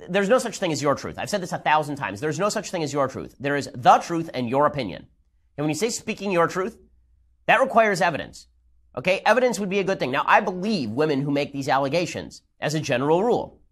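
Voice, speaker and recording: Guy ripping through political commentary super fast, sardonic and emphatic, voice a bit high. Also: a bit bright.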